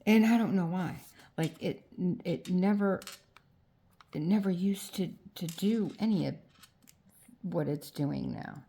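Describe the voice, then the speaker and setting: A woman's voice: on the low side, takes it slowly, gravelly, dark tone, slightly rough. A middle-aged woman vlogging as she crafts, rambling and indecisive as she talks herself into her choices. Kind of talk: casual thinking aloud while crafting.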